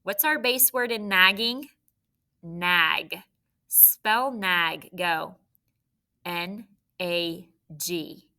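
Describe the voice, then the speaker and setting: Bright-voiced lady teacher going through spelling words, slow and careful, letter by letter. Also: fairly low pitch. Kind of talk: spelling lesson.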